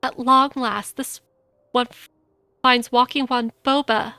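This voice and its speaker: A woman's voice: on the high side, fairly even intonation, slow, bright, forceful tone, no echo, pitched above the performer's own voice, full character voice. A woman voicing a small friendly sylph creature from a video game who speaks of itself as 'this one'. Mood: earnest.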